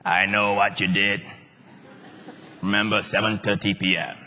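A man voicing a sly, taunting male devil who accuses a believer, in a low, hushed, sneering tone. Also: level tone, a little slow, slight background noise. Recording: long church-hall reverb.

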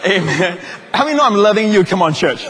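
A pastor, preaching a lively sermon with jokes and playful asides. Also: male voice, high voice, fairly quick, a little hiss or hum. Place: large church auditorium. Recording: long reverb of a large hall.

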